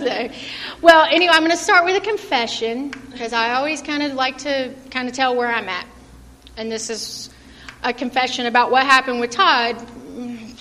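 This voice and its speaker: A sharp-toned, fairly high female voice belongs to a middle-aged lay preacher giving a relaxed sermon in a church hall. Her manner is earnest and self-deprecating, broken often by laughter, against long hall reverb and faint room noise.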